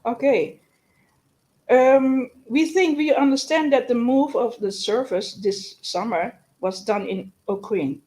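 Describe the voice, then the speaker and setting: Woman host, live stream: slow, halting, high-pitched, exasperated. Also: darkish tone, low-quality recording. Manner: halting, stumbles and restarts often; exasperated, complaining. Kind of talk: live stream news update.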